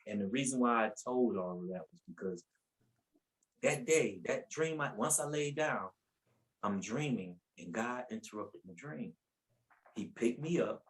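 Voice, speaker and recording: A man speaking unhurriedly in a medium-pitched voice shares his faith testimony as a podcast guest. He keeps it casual and colloquial, repeats words often, and animatedly acts out quotes with a raised voice. The recording quality is low.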